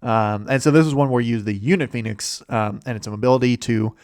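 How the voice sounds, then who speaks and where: A man hosts a casual recap of a game's story, rambling, correcting himself and chuckling as he goes. His voice is smooth and clear at a mid pitch. The sound is close and dry. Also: a little fast, a little mellow, dry recording. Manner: rambling, with many fillers, self-corrections and chuckles. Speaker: host. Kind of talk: casual game campaign summary.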